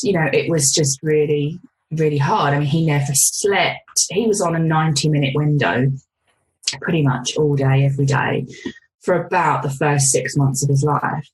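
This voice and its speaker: A woman's voice: deep voice, slight background noise, low-quality recording. A woman, a podcast guest, frankly telling her own story and laughing through hard memories. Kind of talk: candid personal storytelling.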